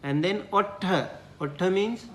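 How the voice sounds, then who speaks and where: A man's voice: fairly high pitch, animated, slow pace, slight background noise. A man teaching a classroom language lesson, patiently repeating syllables for his students.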